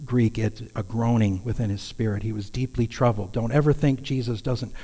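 A man's voice: medium pitch, fairly even intonation, normal speed, warm tone. A man preaching a sermon in a church, earnest and conversational, now and then raising his voice for emphasis. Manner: earnest, conversational preaching with sudden raised calls. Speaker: pastor. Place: church sanctuary. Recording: long hall reverb.

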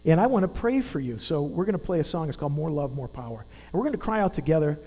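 A man in his fifties delivers a sermon in an earnest, conversational way, often putting questions to his listeners. His voice sits a little high but sounds mellow. It rings through a large hall over a faint mains hum. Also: sing-song, fast talker. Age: 50s. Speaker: preacher.

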